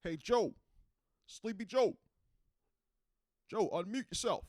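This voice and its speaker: Man doing a pausey, grandstanding president bit, pushed high and loud. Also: animated, no echo, clean studio sound. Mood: mock-presidential. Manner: halting, pausey delivery with repeated "listen". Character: mock Obama impression, adult man, grandstanding.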